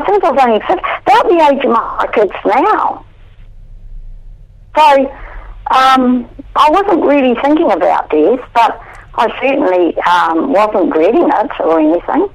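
A woman in her eighties, an interview guest telling stories in a lively, conversational way. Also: high voice, gravelly, rough recording. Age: 80s. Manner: animated, loud when acting out her own past words. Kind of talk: conversational storytelling.

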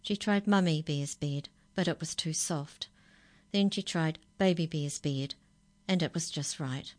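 A woman reading a children's story aloud in a gentle, patient way. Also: deep voice, a little slow, no room sound.

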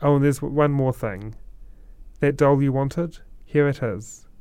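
A man voicing a kindly older stranger with a white beard, reassuring and lively. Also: medium pitch, measured pace, clear, resonant tone, no room sound, lightly acted.

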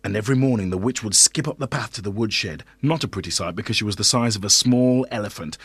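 A man's voice: fairly low pitch, fast, fairly bright tone, slightly rough, no room sound. A man narrating a children's story, with playful, wry asides to the listeners.

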